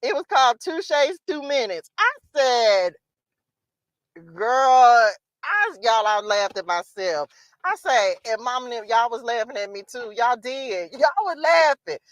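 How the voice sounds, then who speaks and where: Animated, laughing woman tarot streamer. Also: a little high, moderate pace, no room sound. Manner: animated, laughing, chatty, addresses viewers as y'all. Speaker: tarot reader and livestream host. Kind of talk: casual livestream chat.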